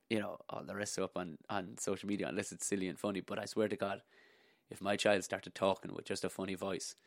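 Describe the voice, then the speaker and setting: A man's voice: deep voice, creaky, no echo, clean studio sound. An Irish man hosting a podcast, rambling casually and swearing freely with a jokey manner. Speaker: podcast host.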